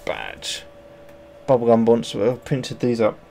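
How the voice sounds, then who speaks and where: Slow and steady, this man's mid-range voice carries vocal fry and a dark tone over slight background noise. He's a sculptor chatting casually on his livestream, rambling, self-mocking, and greeting those watching.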